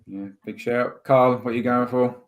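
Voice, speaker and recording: A man hosting a casual sports chat on a video call. His voice sits in an ordinary middle pitch, and he keeps the talk loose and joking. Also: fairly even intonation, moderate pace. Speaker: podcast host.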